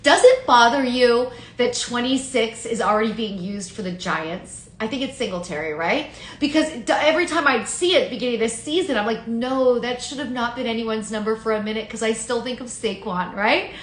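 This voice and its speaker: A woman's voice: fairly high pitch, normal speed, reverberant. A woman hosting a casual live stream on her phone, chatting and answering viewers' comments by name. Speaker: livestream host reading chat.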